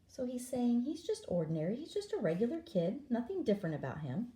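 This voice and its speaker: A woman teacher reading a picture book aloud to young children, gently stretching out words for them to guess. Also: on the high side, sing-song, a little fast, few pauses. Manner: gentle, encouraging classroom tone.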